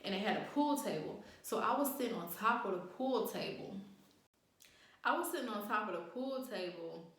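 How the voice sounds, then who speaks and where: A woman's voice: mid-range voice, moderate pace. A young woman telling a wild story in casual, profane chat, acting out what people said. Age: young adult. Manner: animated, profane, acts out quotes. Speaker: vlogger. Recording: very echoey room.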